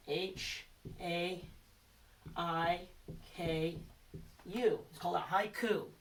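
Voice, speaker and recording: A slightly bright, high-sitting male voice belongs to a teacher recording a children's lesson. Patient and encouraging, he quizzes the kids with letter hints, though the mic seems a little far from him.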